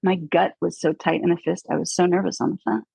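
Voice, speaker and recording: Woman, gravelly voice, husky tone, animated storyteller, casual chat. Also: fairly low pitch, fast talker, no room sound, low-quality recording. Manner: animated storytelling, mimics others in hushed voices. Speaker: guest.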